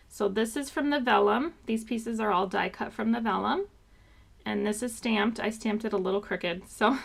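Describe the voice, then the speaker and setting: A woman with a gravelly, mid-range voice runs a live card-making class. Upbeat and chatty with lots of fillers, she walks viewers through each sample card.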